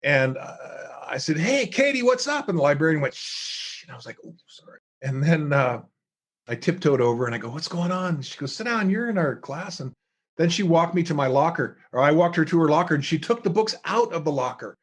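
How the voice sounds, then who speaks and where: A middle-aged man, a guest author and speaker, telling lively stories in an interview and acting out the people he quotes. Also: a little high, fairly quick. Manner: animated storyteller acting out quoted voices. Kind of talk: storytelling interview chat.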